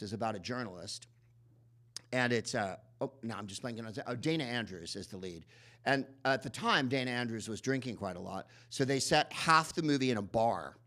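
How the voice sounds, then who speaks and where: A man's voice: on the low side, a bit bright. Rambling, sardonic male host. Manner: rambling, sardonic, full of fillers and restarts. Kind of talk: live comic film introduction. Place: live in a cinema.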